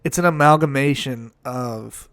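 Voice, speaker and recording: A man's voice: medium pitch, a little slow, fairly bright tone, clean tone, no echo, studio quality. A man co-hosting a casual podcast, explaining in a rambling way with lots of fillers and laughs. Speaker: band teacher and podcast co-host. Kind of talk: casual chat.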